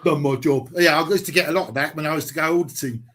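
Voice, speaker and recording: A high-pitched man pushes an argument hard, swearing freely and stacking one rhetorical question on another. He talks like a confrontational live-stream host who never lets up. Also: very fast, pushed and bright.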